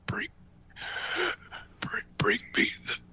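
A man putting on the feeble, halting whisper of a dying elderly wrestling boss giving his last orders. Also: bright, forceful tone. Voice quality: weak whisper. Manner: halting, breathless final words.

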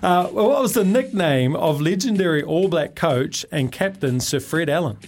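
Upbeat Kiwi radio host, high voice. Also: male voice, expressive, moderate pace, a little mellow, soft background music. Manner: upbeat, laughs a lot, calls people mate. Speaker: radio host running a call-in quiz. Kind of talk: breezy morning radio banter.

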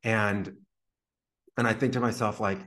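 A man's voice: on the low side, steady tone, a little slow, fairly bright tone. A man telling a story, loaded with fillers. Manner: vivid retelling full of "like" fillers. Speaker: podcast guest. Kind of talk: casual storytelling.

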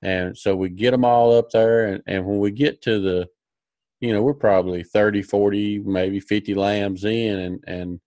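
A man's voice: fairly low pitch, fairly even intonation, moderate pace, mellow, no echo. A man hosting a podcast, telling a rambling, folksy story with many fillers and restarts. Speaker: podcast host. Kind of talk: casual storytelling chat.

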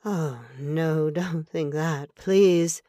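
A woman's voice: low-pitched, extremely slow, dark tone, no room sound, clean studio sound. A woman reading an audiobook, voicing a composed frontier woman on a wagon, polite, earnest and self-possessed. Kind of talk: audiobook character voice.

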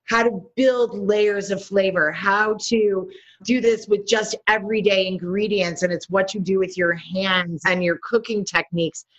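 A middle-aged woman chef talks through her cooking with lively, animated storytelling. Her voice sits at a middling pitch. The recording sounds a little dull and lo-fi. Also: unhurried. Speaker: chef guest. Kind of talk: interview conversation. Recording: slightly dull lo-fi audio.

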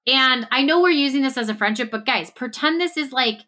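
A woman co-hosts a podcast in easy, earnest conversation. Her voice sits a little high and rings bright and forceful. She strings thoughts together with frequent "like" fillers. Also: fairly quick. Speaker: podcast co-host. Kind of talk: casual conversational discussion.

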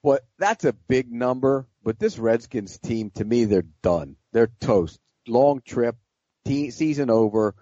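Blunt man with a mellow voice. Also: mid-range voice, animated, unhurried, dry recording. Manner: blunt, clipped verdicts. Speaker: podcast panelist. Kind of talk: casual sports betting chat. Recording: dry, slightly muffled podcast audio.

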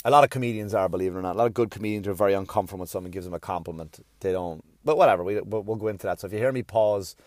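A man's voice: deep voice, rapid-fire, few pauses, darkish tone, no echo, studio quality. Rambling, swearing podcast host man. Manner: rambling, swears freely, self-deprecating. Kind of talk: casual podcast monologue.

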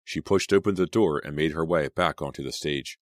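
A man with a very deep voice narrates a teen horror story in a deliberate, suspenseful way. The recording is dry and close, with no room sound around him. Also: no echo. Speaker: audiobook narrator.

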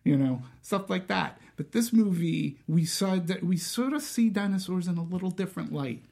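Animated man chatting about films. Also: sits high, normal speed, vocal fry. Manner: animated, thinks aloud with many restarts. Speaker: podcast co-host. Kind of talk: casual film discussion.

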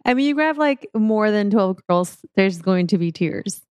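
A woman's voice: mid-range voice, lively intonation, measured pace, darkish tone, clear, resonant tone, dry recording. A woman co-hosting a podcast in casual chat, playful and joking, laughing along with her co-host.

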